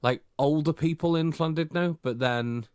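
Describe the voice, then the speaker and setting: A man's voice: on the high side, normal speed, darkish tone, smooth, no room sound, studio quality. Man telling a rambling anecdote. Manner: rambling storytelling with fillers. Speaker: podcast co-host. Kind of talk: casual chat, anecdote.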